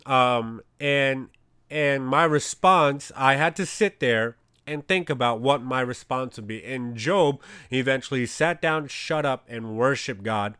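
Smooth-voiced man giving a rambling testimony. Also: mid-range voice, unhurried, pushed and bright, dry recording, studio quality. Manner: rambling, heavy on "you know, like" fillers. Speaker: Christian speaker. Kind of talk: casual faith testimony.

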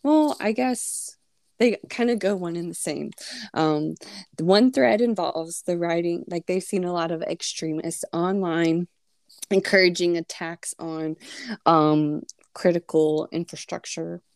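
A woman's voice: lowish voice, measured pace, a little mellow, no room sound, clean studio sound. A woman co-hosting a podcast, casually summarizing a news story with lots of fillers. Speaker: podcast co-host.

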